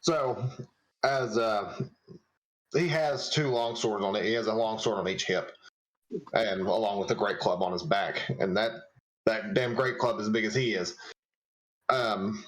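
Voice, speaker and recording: A man's voice: lowish voice, a little slow, pauses often, fairly bright tone, poor audio. A man narrating a tabletop game as game master, casual and rambling, searching for words.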